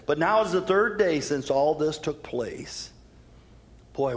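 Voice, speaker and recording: In a church with long reverb, a male pastor preaches a sermon, telling the story animatedly and shifting his pace for emphasis. His voice is medium-pitched and his delivery measured.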